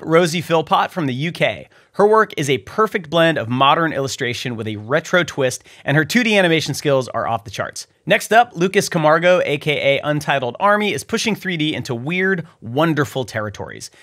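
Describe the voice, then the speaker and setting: A man's voice: fairly high pitch, fairly bright tone. A man hosting a scripted news roundup, upbeat and jokey with playful asides. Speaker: show host.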